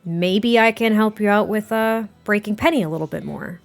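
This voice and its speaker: A woman's voice: medium pitch, normal speed, vocal fry, soft background music, lightly acted. A woman voicing a friendly male rancher neighbor who talks politely and hesitantly, with small restarts. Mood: earnest.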